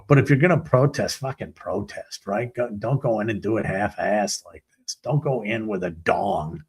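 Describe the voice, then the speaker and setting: Gravelly, sarcastic male talk host. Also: lowish voice, normal speed, a little mellow. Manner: sarcastic, rambling, exasperated. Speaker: sports talk show host. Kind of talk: ranting commentary.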